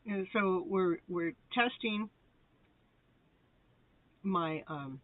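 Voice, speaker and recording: Slow, giggly woman hosting a tarot stream. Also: on the low side, no room sound. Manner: laughs often, chatty and rambling. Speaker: live tarot show host. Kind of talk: casual live-stream chat. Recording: tinny phone-like sound.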